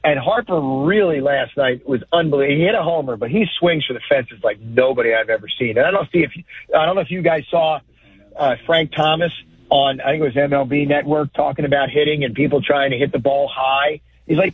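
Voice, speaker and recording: A man giving blunt, animated opinions in a sports talk conversation. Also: fairly high pitch, fast talker, slightly rough, no room sound. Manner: blunt, animated, mocking impressions. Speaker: guest commentator. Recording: tinny phone line.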